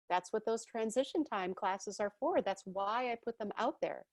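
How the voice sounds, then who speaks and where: A woman teaching a live online spiritual class, telling stories with animated acted-out voices. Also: medium pitch, normal speed, few pauses, dry recording, clean studio sound. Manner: animated storytelling, acts out voices.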